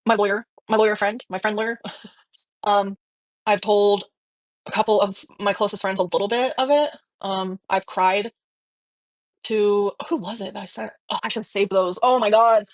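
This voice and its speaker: A young woman live streaming, talking fast and emotionally, swearing, with lots of fillers and restarts. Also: medium pitch, steady tone, no echo.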